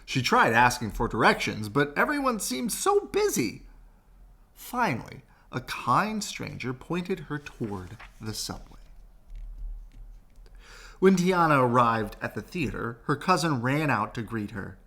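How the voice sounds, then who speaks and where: A man reads a children's picture book aloud at an unhurried pace. His voice climbs and dips in a lively sing-song. He sounds like a bedtime story reader. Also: mid-range voice. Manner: slow, expressive, sing-song rises and falls.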